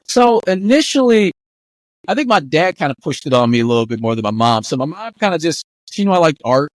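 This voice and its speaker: A young man, talking quickly in a high, bright register. He tells animated stories as a podcast guest and slips into the voices of the people he quotes. The sound is dry and close, with no room around it. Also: no echo. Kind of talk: casual storytelling.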